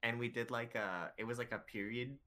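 A man's voice: mid-range voice, steady tone, a little fast, bright, forceful tone. A young man co-hosting a casual podcast, telling school stories with laughs and casual swearing. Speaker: podcast co-host. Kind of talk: casual chat.

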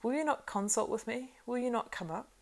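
A woman's voice: on the high side, fairly quick, creaky, pitched above the performer's own voice. A woman voicing a proud, silver-tongued old male wizard in an audiobook reading, lofty and coaxing in manner. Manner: coaxing and lofty, turning hissing and scornful.

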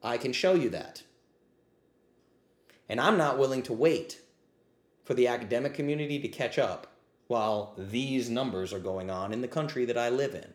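This podcast host's voice is medium in pitch, his pace moderate with long pauses, and the room reverberates around him. Answering live AMA questions on a stream, he delivers a blunt, impassioned, profane rant, riled up and saying he's getting heated.

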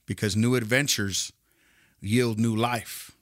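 Male coach-host, mid-pitched, talks straight to the listener, a bit winded, close dry mic. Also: moderate pace, fairly bright tone, dry recording. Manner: upbeat, encouraging, direct address. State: a little out of breath. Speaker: life coach and podcast host. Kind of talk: motivational podcast talk.

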